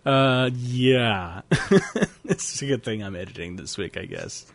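A man's voice: medium pitch, animated, slow pace, creaky. A man co-hosting a casual podcast, laughing often and rambling through stories. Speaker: podcast co-host.

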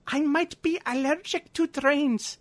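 A man doing a high, slow, dreamy woman singer. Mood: whimsical. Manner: slow, halting, oddly formal phrasing. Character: whimsical eccentric woman singer, dreamy and absurd. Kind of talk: comic read-through of a chat log.

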